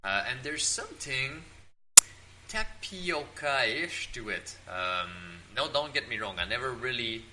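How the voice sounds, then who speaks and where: A man hosting his own vlog, tasting wine at home in his apartment and talking in a relaxed, rambling way with many fillers. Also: mid-range voice, slow pace, heavy background noise. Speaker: host of a drink-tasting channel.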